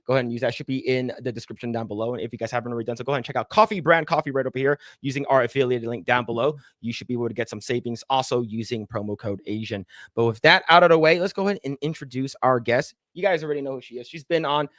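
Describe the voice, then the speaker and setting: A laid-back man hosting a podcast, easygoing and full of fillers as he plugs merch. His voice has a medium pitch and sounds dry and close to the mic. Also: rapid-fire, hardly any pauses, fairly bright tone, no echo. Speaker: podcast host. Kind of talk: casual podcast chat.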